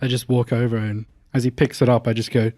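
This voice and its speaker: A man's voice: mid-range voice, level tone, fast talker, warm tone, no room sound. A man playing a tabletop game, laid-back and joking between rolls. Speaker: player.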